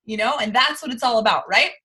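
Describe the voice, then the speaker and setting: A woman's voice: a little high, quick pace, pushed and bright, husky. A woman in her thirties leading a motivational training talk on a video call, emphatic and repeating her points. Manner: emphatic, repeats for effect, keeps saying "you guys". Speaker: sales team leader.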